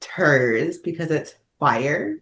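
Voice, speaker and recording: A woman's voice: sits low, very animated, a bit bright. A woman co-hosting a podcast, chatting playfully and teasing. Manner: playful, teasing, quick to mimic others. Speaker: podcast co-host. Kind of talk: casual chat.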